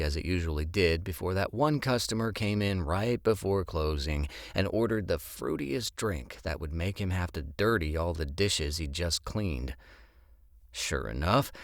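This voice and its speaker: A man narrating an audiobook in an expressive storytelling manner. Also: low voice, no room sound, studio quality.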